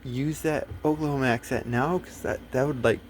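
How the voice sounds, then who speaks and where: A man's voice: mid-range voice, normal speed, a little hiss or hum. A man talking casually to the camera, rambling and blunt, full of fillers, restarts and swearing. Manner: profane, blunt. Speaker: video host.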